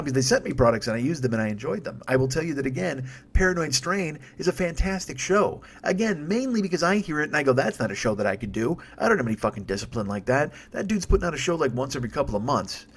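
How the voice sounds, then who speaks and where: Fast-talking sarcastic man ranting. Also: mid-range voice, expressive. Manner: profane, rambling, sarcastic. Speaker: podcast host. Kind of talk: solo comedy podcast rant. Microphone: studio microphone.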